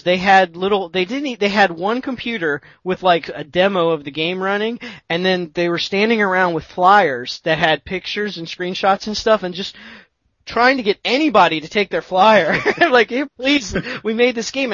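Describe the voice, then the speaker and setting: A man with a notably high voice hosts a relaxed podcast conversation, chuckling often and acting out his stories with plenty of life. The sound is dry and close, a little dull on top. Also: moderate pace, dry recording. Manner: laughs often, animated retelling. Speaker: podcast host. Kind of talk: casual chat.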